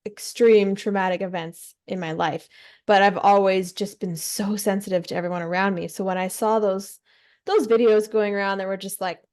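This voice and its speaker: A woman's voice: mid-range voice, fairly quick, a little mellow. A woman co-hosting a podcast in casual chat, candid and self-deprecating. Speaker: co-host.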